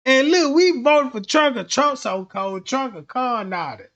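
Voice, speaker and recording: A man's voice: very high-pitched, lively intonation, a little slow, fairly bright tone, muffled recording. A man on a livestream runs through a comedic rant full of profanity and slang. He rambles from one point to the next and keeps cutting himself off. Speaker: livestream host.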